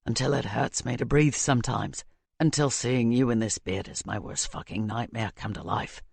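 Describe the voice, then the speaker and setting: A woman narrator lowering her voice to play an intense, protective rugby player in an audiobook. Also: moderate pace, a little mellow, no room sound, exaggerated voice. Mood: anguished. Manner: low, rough lowered voice. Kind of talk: audiobook character voice.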